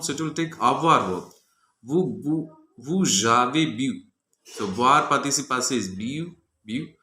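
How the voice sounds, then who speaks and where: A man's voice: medium pitch, bright, forceful tone, echoey room, slight background noise. A man teaching a French grammar lesson, walking methodically through each exercise answer step by step.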